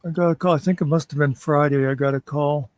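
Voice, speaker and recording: A man's voice: on the high side, fairly even intonation, quick pace. A man chatting casually on a livestream, telling stories in a blunt, joking way.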